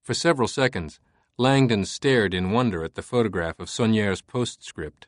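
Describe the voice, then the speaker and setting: A man's voice: lowish voice, lively intonation, moderate pace, no room sound, studio quality. Man narrating an audiobook. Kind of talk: scripted narration.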